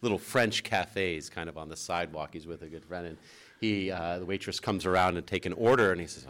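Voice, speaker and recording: A man co-hosting a Catholic talk show teaches chattily, telling stories, laughing easily and often asking "right?". His voice sits low with a steady tone, a bit bright, and he talks fast.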